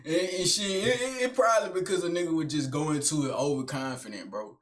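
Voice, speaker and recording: A young man telling a story in animated, slangy street talk, full of tags like "son" and "gang", with low mumbled asides. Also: fairly quick, slight background noise. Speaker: vlogger. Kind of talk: casual storytelling monologue.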